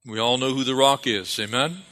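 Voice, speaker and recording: A man's voice: mid-range voice, normal speed, sharp tone. A man preaching a sermon as pastor, calling for amens and repeating phrases for emphasis. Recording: long reverb of a hall.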